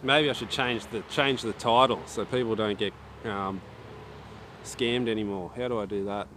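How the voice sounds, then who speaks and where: A man's voice: on the low side, steady tone, moderate pace, background noise. An Australian man chatting casually on a livestream, rambling and talking to himself and his viewers. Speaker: archery livestreamer.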